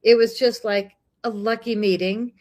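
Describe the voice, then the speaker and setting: A woman's voice: on the high side, normal speed. A middle-aged woman from the United States telling a personal story in casual conversation, acting out the voices of people she met. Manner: lively, animated, acts out dialogue. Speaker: guest.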